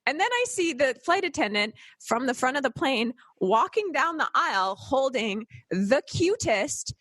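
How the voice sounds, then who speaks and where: With a high-pitched voice at a moderate pace, this female podcast co-host animatedly recounts a story in casual fashion. She curses freely and performs people's quotes, and there's no echo on the recording.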